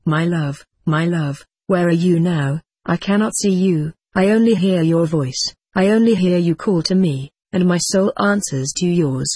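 A woman voicing a tender, devoted young woman, speaking in a soft, gentle murmur in a read-aloud story. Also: fairly low pitch, a little slow, hardly any pauses, husky, no echo, studio quality. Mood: longing. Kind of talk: audiobook character voice.

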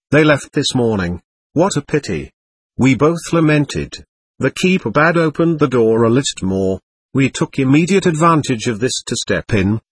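A man reading a travel memoir aloud as an audiobook, in a measured, steady way. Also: mid-range voice, breathy edge, no room sound. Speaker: audiobook reader. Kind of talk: scripted narration of a travel memoir.

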